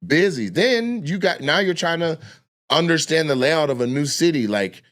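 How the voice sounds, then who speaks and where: A man in his thirties telling animated, profane stories in a casual way, acting out other people's voices. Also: a little high, normal speed. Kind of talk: casual storytelling.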